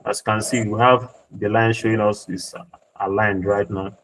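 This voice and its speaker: A man's voice: lowish voice, little pitch movement, moderate pace, a bit bright, a little hiss or hum, low-quality recording. A man tutoring a graphic design class, talking through each step on screen and repeating points to check his students follow. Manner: patient, repeats himself while working on screen. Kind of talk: screen-share tutorial walkthrough.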